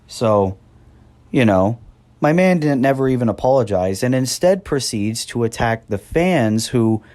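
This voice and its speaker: A man's voice: mid-range voice, lively intonation, unhurried, a little mellow. A young man in his twenties, ranting about wrestling in an angry, profane, sarcastic way, mocking people in a whiny voice. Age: 20s. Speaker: wrestling commentator. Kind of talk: heated rant.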